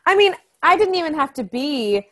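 A woman's voice: high voice, very animated, moderate pace, sharp tone. A young woman co-hosting a podcast in casual chat, talking loosely with lots of fillers. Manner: chatty, many fillers. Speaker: podcast co-host.

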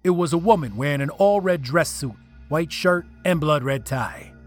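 A man's voice: fairly high pitch, lively intonation, unhurried, soft background music. A man reading a first-person story aloud, telling it dramatically and with emotion. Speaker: narrator. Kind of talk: first-person scripted narration.

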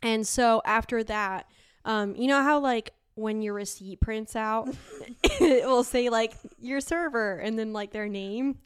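Her voice sits on the high side, smooth and measured in pace, recorded in a clean studio with no echo. She's a young woman from Argentina co-hosting a podcast, telling stories in a giggly, casual way and cursing without a second thought.

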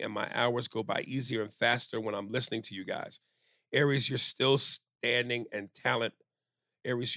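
A man co-hosting a crude comedy podcast, reading listener emails out loud, riffing loudly and slipping into put-on voices and beatbox chants. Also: mid-range voice, no room sound, studio quality. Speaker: podcast co-host.

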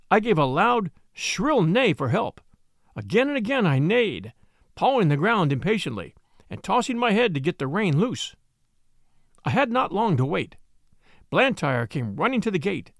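A man narrating a classic novel in an expressive, measured storytelling manner. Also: high voice, gravelly, no room sound, studio quality. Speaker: audiobook narrator.

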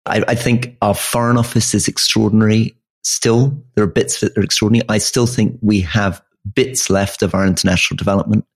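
A man's voice: on the low side, fairly even intonation, a little fast, hardly any pauses. A middle-aged man co-hosting a podcast, talking in a wry, self-deprecating way with frequent restarts. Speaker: podcast co-host. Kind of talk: casual podcast chat.

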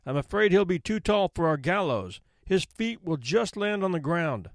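A man's voice: high voice, expressive, moderate pace, no room sound, studio quality. A man voicing a practical court bailiff making a matter-of-fact suggestion in a folk tale.

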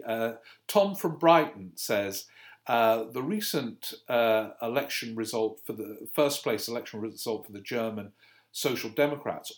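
A man hosting a political podcast, reading listener questions and answering them in a halting way, full of fillers and self-corrections. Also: mid-range voice. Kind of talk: casual political commentary.

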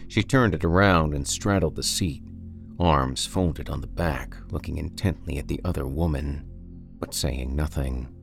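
A man reading a horror story aloud for a podcast in a slow, deliberate, dark way. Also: a bass voice, creaky. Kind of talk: dramatic horror story narration.

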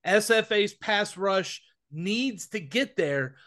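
A man co-hosting a college football podcast, talking emphatically with quick restarts. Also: high voice, expressive, a bit bright. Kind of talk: casual sports podcast chat.

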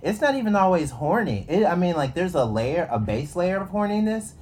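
A man's voice: sits high, very animated, brisk, a little mellow, slight background noise. A man talking as a comedian guest on a casual podcast, playful and riffing jokes.

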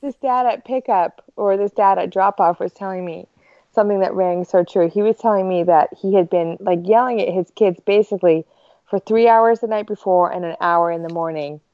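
A woman's voice: medium pitch, moderate pace, dry recording. A woman co-host tells a story in candid, conversational chat. The recording is a bit dull and dry, with no room sound. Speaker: podcast co-host. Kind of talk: casual chat among friends.

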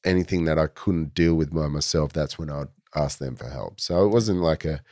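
A man's voice: rumbling low, normal speed, darkish tone, no room sound. An Australian man in his forties, a guest telling stories in a laid-back, rambling way with plenty of fillers. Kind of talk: casual storytelling.

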